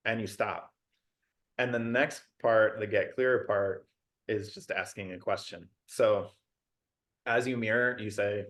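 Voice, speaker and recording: Guy mediator on a podcast, lowish voice, walks you through it step by step. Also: normal speed. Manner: practical, step-by-step teaching tone. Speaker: conflict coach and mediator. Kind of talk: casual podcast conversation.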